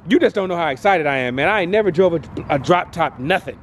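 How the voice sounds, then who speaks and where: A man in an excited car walkaround vlog, talking outdoors at a dealership lot in a hyped, slangy way with rhyming wordplay and repeated catchphrases. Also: fairly high pitch, fast, a little hiss or hum. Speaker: car vlogger.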